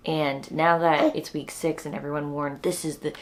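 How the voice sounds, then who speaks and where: A woman's voice: deep voice, flat delivery, normal speed, few pauses, slight background noise. A young woman and new mom, a comedian, chatting casually at home in a tired, wry way, sometimes dropping to a whisper. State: sleep-deprived. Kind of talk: casual vlog chat. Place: home, indoors.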